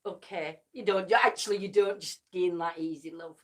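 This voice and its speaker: Hosting a casual live chat, a tired, yawning woman keeps up a chatty, teasing banter and laughs a lot. Her voice is on the low side and a bit bright, with a steady tone at a normal pace.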